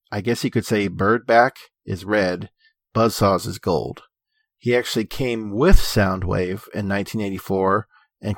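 A man co-hosting a podcast, recapping episodes in a steady, informative way with dry humor. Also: lowish voice, dry recording. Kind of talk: casual recap narration.

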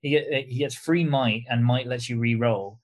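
A man co-hosting a casual podcast, excitable, swearing a lot and laughing. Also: mid-range voice, moderate pace. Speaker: podcast co-host. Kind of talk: casual chat.

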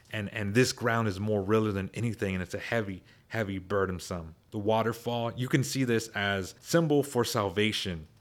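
Man, lowish voice, casual retelling, rambling, repeats himself. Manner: loose, rambling, repeats words while thinking.

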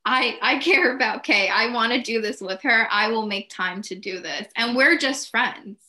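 A young woman in casual podcast chat, talking openly in quick bursts full of "like" and restarts. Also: on the high side, bright, forceful tone. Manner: talks in many short bursts filled with "like", candid and emotional. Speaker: podcast co-host.

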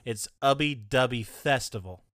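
A man's voice: mid-range voice, moderate pace, a bit bright, no room sound, clean studio sound. A man co-hosting a podcast in casual chat, playful, laughing often and explaining game rules. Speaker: podcast co-host.

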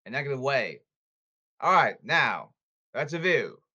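A man's voice: medium pitch, big pitch swings, a little slow, bright, forceful tone, slightly rough, highs cut off. A man delivering an angry, repetitive rant to the camera. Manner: repetitive, emphatic, angry outbursts. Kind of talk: ranting monologue.

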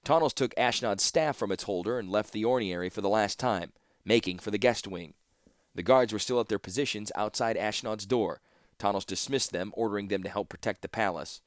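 A man narrates a fantasy audiobook in a steady, measured way. His voice sits low, and the recording is close and dry with no room around it. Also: no room sound.

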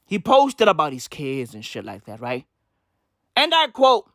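A woman's voice: low-pitched, huge pitch swings, unhurried, dry recording, clean studio sound. A woman delivering a brash, slangy, profane comedy rant that keeps circling back to the same phrases. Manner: brash, slangy, repetitive, swearing.

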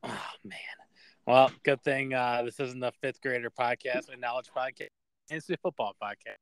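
A man's voice: mid-range voice, fairly even intonation, normal speed, clean tone. A young man co-hosting a podcast, chatting casually, swearing often and laughing at himself. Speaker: podcast co-host. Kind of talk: casual chat.

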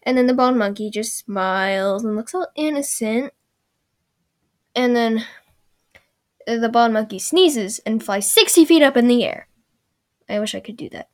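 A woman's voice: a little high, unhurried, long pauses. Sarcastic woman recapping an episode. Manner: sarcastic, rambling asides.

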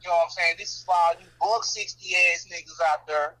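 A man's voice: high-pitched, steady tone, fast, a loud crowd, low-quality recording. A man co-hosting a podcast, bantering in loose, slangy, profane casual chat. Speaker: podcast co-host.

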